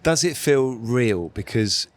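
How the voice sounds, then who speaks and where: A man's voice: medium pitch, animated, slow pace, no room sound. A man interviewing a guest, asking friendly, conversational questions. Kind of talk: casual interview.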